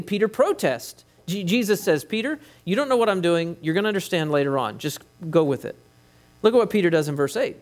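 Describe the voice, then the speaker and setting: A man with a slightly high-pitched voice delivers a sermon as pastor. He preaches emphatically, dropping in quick conversational asides to his listeners. He speaks into a headset mic. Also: darkish tone.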